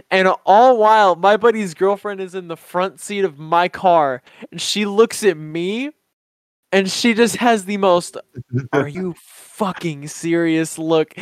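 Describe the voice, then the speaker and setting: A young man co-hosting a podcast tells a funny story in casual conversation, animated, laughing often, and acting out the voices of the people involved. His voice is high with a clean tone, captured in a dry, studio-quality recording.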